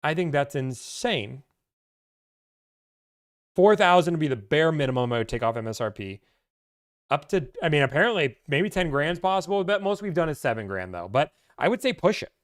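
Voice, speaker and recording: A man giving car-buying advice on a live stream, chatty and animated, cracking jokes as he talks. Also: fairly high pitch, moderate pace. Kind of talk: casual live-stream talk.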